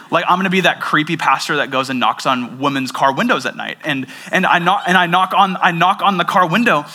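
A young man, a pastor, preaching a sermon and telling a personal story in an animated way, with frequent restarts. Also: a little high.

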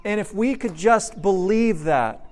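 Earnest high-voiced male pastor preaching. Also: animated, unhurried. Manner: earnest, with dramatic swings between soft and emphatic. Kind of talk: sermon.

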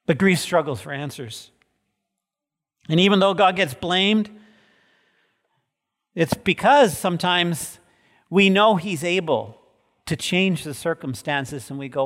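Slow, emphatic pastor in an echoing hall. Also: male voice, a little high, animated. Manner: swings from soft and slow to loud emphatic peaks. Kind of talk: sermon. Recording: long reverb of a large hall.

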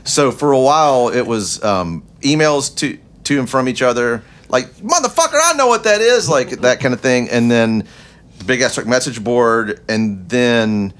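A man's voice: mid-range voice, unhurried. A man chatting casually about an old guitar shop, wry and laid-back. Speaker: former guitar shop worker. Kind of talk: casual chat.

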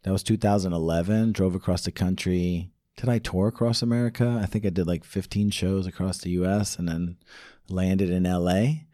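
A man's voice: low-pitched, steady tone, normal speed, warm tone, no room sound, studio quality. A man from New Jersey chatting as a podcast guest, joking and rambling through his stories. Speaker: guest, rapper. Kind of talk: casual podcast chat.

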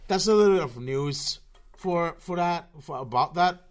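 A man hosting his own podcast, rambling through sarcastic, profanity-laden commentary with a slurred, low-energy delivery. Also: lively intonation, moderate pace. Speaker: podcast host.

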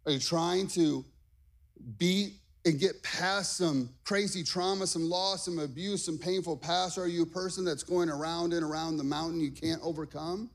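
A middle-aged man pastor preaching a lively sermon to a congregation, energetic and repeating "okay?" and "all right" often. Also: a little high, normal speed, creaky. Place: church stage before a congregation.

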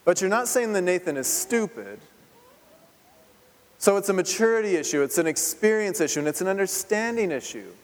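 High-voiced preacher in a reverberant hall. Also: male voice, expressive, fairly quick. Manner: conversational, asks the congregation questions, laughs often. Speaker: pastor. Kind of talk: interactive sermon. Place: church sanctuary.

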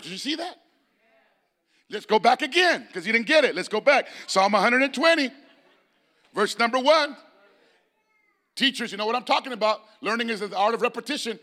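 A male pastor preaching a sermon, moving from chatty asides to loud, shouted passages. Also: extremely high pitch, animated, moderate pace, pauses often.

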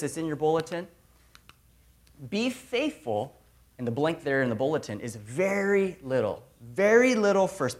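A preacher giving a sermon to a large room of people, talking emphatically, repeating key phrases and swinging between loud and soft. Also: medium pitch. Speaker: preacher, regional ministry director. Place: large room with a big audience.

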